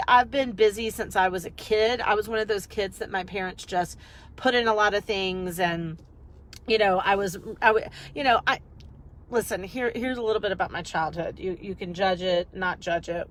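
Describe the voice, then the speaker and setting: A woman business coach with a medium-pitched voice chats casually on a live video, talking into her phone while driving. She's rambling and energetic, and the recording is rough.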